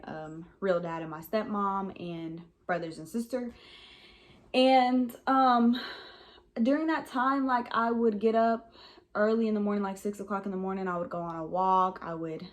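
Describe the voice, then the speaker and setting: A woman's voice: mid-range voice, steady tone, moderate pace. A young adult woman telling a personal story in a casual vlog, rambling and frank with many "um"s and "like"s. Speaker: vlogger.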